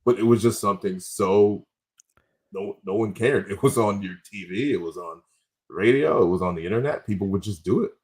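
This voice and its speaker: This man, a comedian appearing as a podcast guest, has a husky voice on the low side and a brisk delivery. In casual conversation he spins meandering stories, stopping to correct himself as he goes.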